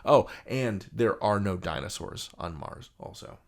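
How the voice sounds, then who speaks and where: A man's voice: fairly low pitch, lively intonation, normal speed, few pauses. A man teaching a vocabulary lesson in a playful, jokey, theatrical scripted style.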